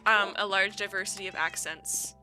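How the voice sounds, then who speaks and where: Streaming a game with soft music in the background, a young Eastern Canadian woman chats casually, her mid-range voice pushed and bright with fairly even intonation at a moderate pace. She rambles through giggly stories and laughs frequently.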